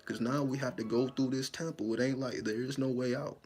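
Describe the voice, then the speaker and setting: A man in casual talk, telling a vivid dream story in an animated, profane way and acting out his own scared lines. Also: medium pitch, brisk. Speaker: spiritual storyteller.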